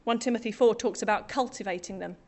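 A woman's voice: mid-range voice, fast. A middle-aged woman from Britain preaching a sermon to a congregation, conversational and self-deprecating with humour.

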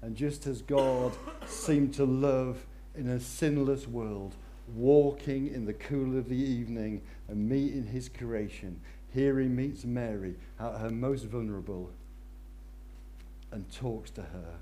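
A man preaching a sermon, swinging between loud excitement and hushed intensity. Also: medium pitch, slow.

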